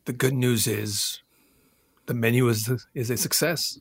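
A man improvising a ghost host. He speaks in a calm, deadpan, drawn-out way. His voice is mid-pitched and a little husky. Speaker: improv performer, ghost leader. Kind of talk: improvised comedy scene.

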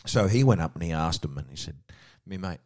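An Australian man hosting a radio chat, telling stories in a casual, animated way. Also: very deep voice, fast. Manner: storytelling, animated, breaks into sung lines. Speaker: radio host.

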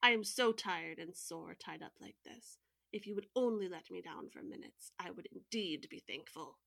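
Cunning tanuki trickster, read by a woman, gentle and pleading, a bit higher than her own voice. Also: very animated, normal speed. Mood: wheedling. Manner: sad, gentle, wheedling. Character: wily cunning male raccoon-dog, sly and pleading.

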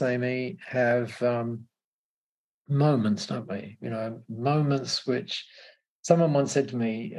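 Aussie guy, raspy husky voice, stumbles and repeats himself, chatty interview guest. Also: medium pitch, a little mellow. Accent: Australian. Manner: stammering restarts, repeats words. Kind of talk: casual interview storytelling.

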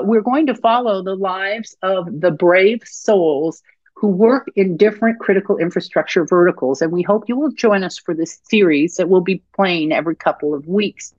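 Lady host reading her own story, lowish voice, measured, kinda dull dry sound. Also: darkish tone, dry recording. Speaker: podcast host and author.

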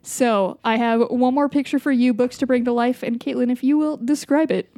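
Young woman host, playful, swears a lot, dry close sound, fairly high voice. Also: steady tone, moderate pace, dark tone, no room sound. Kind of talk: casual game show chat.

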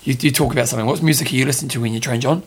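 A man co-hosting a casual chat, playful and teasing, easily excited. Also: medium pitch, racing, husky. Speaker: podcast co-host. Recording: music playing in the background.

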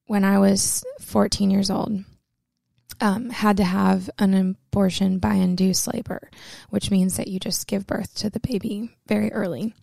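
A young woman talks candidly and emotionally into the camera, her words tumbling out with plenty of fillers. Her voice is mellow and dark, with a strong gravelly fry. The sound is dry and close, with no room around it. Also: mid-range voice, level tone, a little slow, no room sound. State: close to tears at times. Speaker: vlogger. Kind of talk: personal storytelling to camera.

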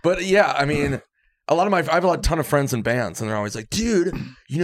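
A man's voice: a little high, fast talker, no room sound. A man telling stories in a casual chat, acting out what people said. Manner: animated storyteller acting out quotes. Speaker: guest comedian. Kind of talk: casual storytelling.

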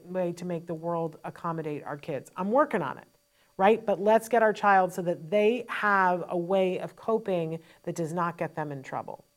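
Emphatic, fast-talking woman host. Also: fairly low pitch. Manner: emphatic, talks fast with frank asides. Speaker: host and parent advocate. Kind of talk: advice monologue to parents. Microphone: studio microphone.

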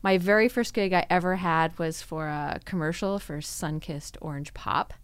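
A woman with a lowish, smooth, resonant voice recounts her experiences in a relaxed interview. She tells her story with energy and slips into quoted dialogue as she goes. The sound is close and dry, with no room around it. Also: normal speed, dry recording. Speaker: podcast guest, actress and screenwriter. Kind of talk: casual interview conversation.

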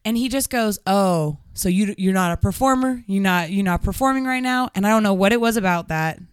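Animated young woman telling stories. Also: mid-range voice, fairly quick, clear, resonant tone, dry recording. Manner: animated storyteller, acts out quotes, swears. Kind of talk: casual chat.

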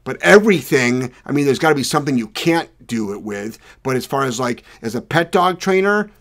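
A man hosting a live dog training podcast, talking loudly and rambling in an excitable, casual way. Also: mid-range voice, brisk. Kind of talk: casual live show chat.

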